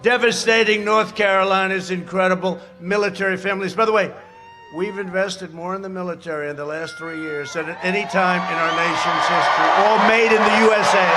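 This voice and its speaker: A man with a high voice addresses a rally in a boastful, sarcastic, rambling way. A big crowd roars and cheers around him. The sound is noisy throughout. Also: fairly even intonation, fairly quick. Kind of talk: campaign rally speech. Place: large rally venue.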